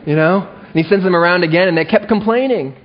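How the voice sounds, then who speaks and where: A male pastor preaching a sermon with animated delivery and playful asides, on a dull lo-fi recording. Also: high voice, fast talker.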